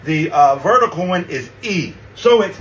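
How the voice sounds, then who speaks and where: A man's voice: fairly high pitch, expressive, normal speed, fairly bright tone, a little hiss or hum, rough recording. A man giving a casual spoken tutorial, patient and reassuring, drawing out each letter sound. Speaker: language teacher.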